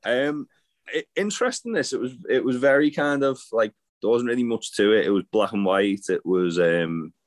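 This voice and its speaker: A man's voice: lowish voice, steady tone, normal speed, few pauses. A man co-hosting a casual podcast, rambling with lots of fillers and restarts. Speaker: podcast co-host. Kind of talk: casual wrestling chat.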